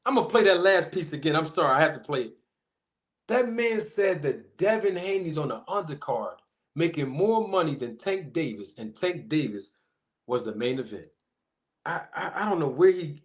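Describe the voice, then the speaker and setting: Animated high-voiced man hosting a stream. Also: moderate pace. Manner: animated, incredulous, shouting out chat members. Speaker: boxing commentary channel host. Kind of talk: casual live-stream commentary.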